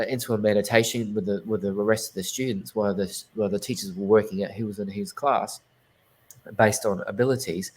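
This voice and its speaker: A man with a fairly low voice tells his story as an interview guest. He talks earnestly and rambles, often restarting his sentences mid-thought. It sounds like relaxed, casual conversation. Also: rough recording. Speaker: guest psychic medium.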